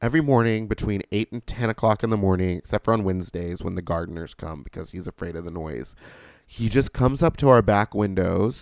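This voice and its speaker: A man hosting a podcast, delivering a casual comedic monologue with profane ranting and sudden shouted outbursts. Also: fairly low pitch, gravelly, no room sound, studio quality. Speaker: podcast host.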